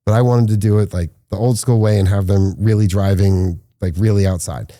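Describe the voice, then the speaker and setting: Low dark-toned guy on a podcast, tells set stories, does the voices, dry sound. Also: brisk, no room sound. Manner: animated storyteller, acts out quotes with rising pitch. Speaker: filmmaker guest. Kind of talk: casual podcast interview storytelling.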